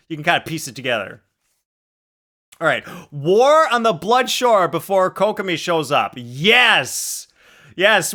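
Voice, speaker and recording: A man's voice: a little high, bright, forceful tone. A young man streaming live, reading chat aloud and joking about his drawings with crude humor and frequent laughter.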